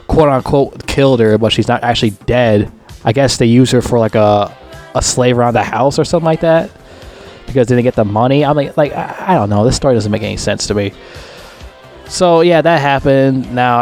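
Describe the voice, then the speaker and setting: A man rants his way through a casual movie review, swearing constantly and circling back to the same points. His voice sits at an ordinary middle pitch, with faint music playing behind him. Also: a little mellow. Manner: profane, ranting, repetitive.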